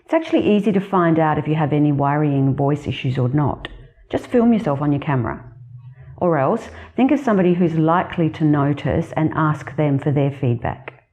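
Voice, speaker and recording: A woman with an Australian accent, a career specialist giving measured, deliberate advice in a scripted talk to camera. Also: deep voice, animated, warm tone, muffled recording.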